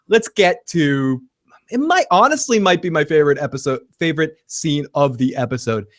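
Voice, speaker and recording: A man co-hosting a casual TV recap chat, animated, laughing often and acting out quotes. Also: a little high. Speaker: podcast co-host.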